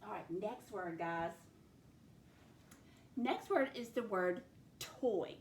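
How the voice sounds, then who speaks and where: A woman's voice: mid-range voice, animated, slight background noise. A woman teaching a phonics spelling lesson, stretching out each sound of a word as she dictates it. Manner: slow, stretched sounding-out of words. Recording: echoey room with faint ambience.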